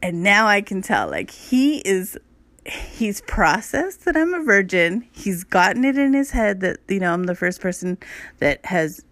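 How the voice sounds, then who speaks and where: A woman's voice: medium pitch, big pitch swings, measured pace, fairly bright tone, dry recording. A woman hosts her podcast and tells a personal story in a loose, candid way, speaking straight to her listeners. Her voice sits in a middle register. The recording is dry, with no room sound. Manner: candid, chatty, addresses listeners as "you guys"; frequent "like" fillers. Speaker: podcast host. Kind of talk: casual storytelling monologue.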